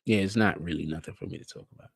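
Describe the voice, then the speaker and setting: A live-stream host giving casual, profane commentary, piling up rhetorical questions and swinging between low mutters and excited high stretches. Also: very fast, vocal fry, husky, dry recording, clean studio sound. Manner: rhetorical, keeps asking questions, profane slang.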